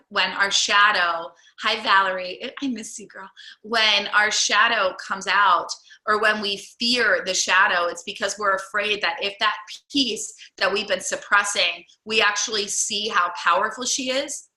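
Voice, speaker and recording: A woman's voice: medium pitch, fairly even intonation, measured pace, pushed and bright. A woman coaching a group on a call, chatty and encouraging, with many fillers. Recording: roomy echo.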